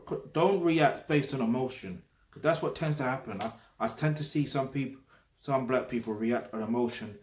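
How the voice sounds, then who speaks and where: A man's voice: mid-range voice, darkish tone. A man with a London accent talking straight to camera in a blunt, emphatic way, with frequent tag questions and swearing. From London, England. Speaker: vlogger. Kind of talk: casual direct-to-camera talk. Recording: roomy echo.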